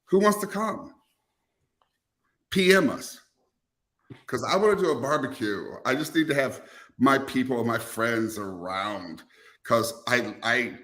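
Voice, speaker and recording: Campy, bright-voiced man chatting. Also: mid-range voice, measured pace. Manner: playful, campy, emphatic. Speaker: podcast co-host. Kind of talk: casual chat.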